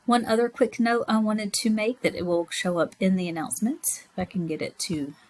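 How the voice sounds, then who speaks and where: A woman's voice: medium pitch, steady tone, brisk, darkish tone. A woman teacher in her thirties or forties, giving a recorded class lecture in a chatty, rambling way with frequent asides.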